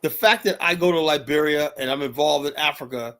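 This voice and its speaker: A man's voice: fairly high pitch, fairly quick, a bit bright. Profane ranting man hosting a panel. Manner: profane, rambling rant with many "you know?" tags. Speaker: host of a livestream panel. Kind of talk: heated panel debate.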